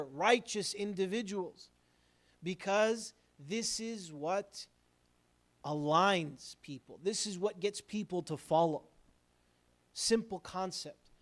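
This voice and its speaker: A man with a high, light voice gives an earnest sermon as an imam. He builds up emphasis, then sinks into quiet, pointed asides.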